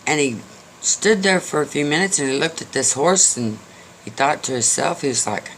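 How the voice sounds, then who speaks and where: A man's voice: fairly high pitch, expressive, moderate pace, a bit bright, a little hiss or hum. An older man telling a folksy story to the camera in a chatty, joking way. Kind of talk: casual storytelling.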